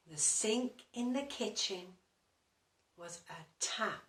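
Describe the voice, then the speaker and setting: Slow, gentle woman reading a children's story. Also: medium pitch. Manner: asks the young listeners questions. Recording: roomy echo, distant mic.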